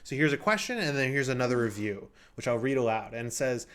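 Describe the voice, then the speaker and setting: A man's voice: medium pitch, quick pace, a bit bright. A man hosting a game show, chatting loosely with frequent ums. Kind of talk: casual hosting banter.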